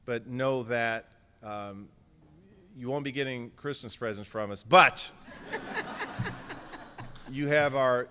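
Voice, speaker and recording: Joking, affectionate man with a bright voice. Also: mid-range voice, big pitch swings, slow, long pauses, a little hiss or hum. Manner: joking and affectionate, thanking people by name. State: a little emotional. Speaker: outgoing mayor giving concession speech. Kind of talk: emotional farewell speech. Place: indoor press conference hall. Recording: echoey hall with crowd murmur.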